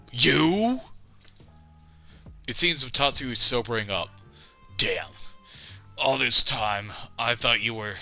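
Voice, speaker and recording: Profane, rambling man with a sharp voice. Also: on the low side. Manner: rambling and profane, frequent restarts. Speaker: gamer playing and commenting. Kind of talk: casual let's-play commentary, reading game text aloud.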